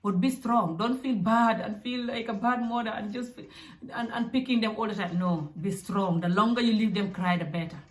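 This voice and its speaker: Animated woman with a roomy echo. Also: medium pitch. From Africa. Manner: animated and direct, with acted asides. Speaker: parenting vlogger. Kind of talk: casual advice talk. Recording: echoey room.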